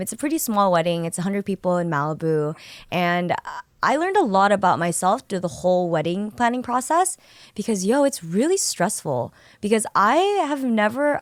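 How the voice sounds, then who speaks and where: A woman's voice: mid-range voice, expressive, normal speed, no room sound, clean studio sound. A woman guest on a podcast, chatting frankly and easily, telling stories. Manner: chatty, frank, easy storytelling. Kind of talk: casual chat.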